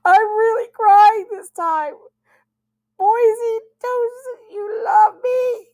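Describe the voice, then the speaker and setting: A woman's voice: medium pitch, animated, a little slow, a little mellow, no room sound. A woman reading aloud voices a moody, self-pitying teenage girl who pleads and wails melodramatically. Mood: wailing.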